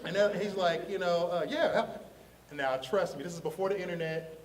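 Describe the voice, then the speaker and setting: A man from Ohio, a comic artist telling his story in a lively, slangy way, laughing often and acting out the voices of the people in it. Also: high-pitched, fast, far from the mic. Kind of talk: animated storytelling on a podcast.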